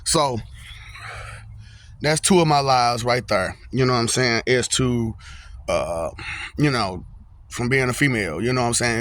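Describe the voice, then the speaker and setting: Rambling, bright-voiced young man outdoors. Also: medium pitch. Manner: rambling, laughs often, repeats "you know what I'm saying". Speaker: vlogger. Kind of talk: casual monologue to camera. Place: outdoors, windy.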